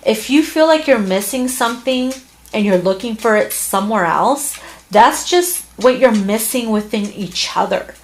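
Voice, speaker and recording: A woman's voice: fairly high pitch, animated, normal speed. A woman giving a heartfelt, casual tarot reading to camera. She talks earnestly, with restarts and fillers, and is moved at times. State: emotional, near tears at times. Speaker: tarot reader.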